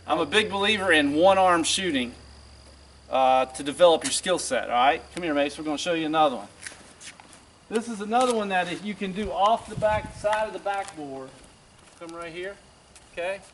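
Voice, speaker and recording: Man, high voice, recreation director running outdoor basketball drills, encouraging, faint background noise. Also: expressive, a bit bright. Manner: encouraging coaching patter with quick cues.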